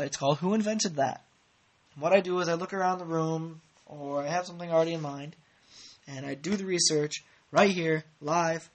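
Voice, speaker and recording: A podcast host chats in a laid-back, rambling way, tossing in chuckling asides. His voice sits on the high side with a fairly bright tone.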